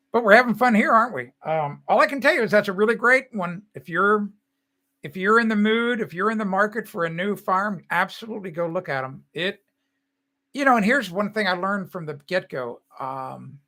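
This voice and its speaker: Gravelly laughing man, bright voice. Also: high-pitched. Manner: rambling storytelling with frequent laughs. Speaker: live stream host. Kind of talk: casual live stream chat.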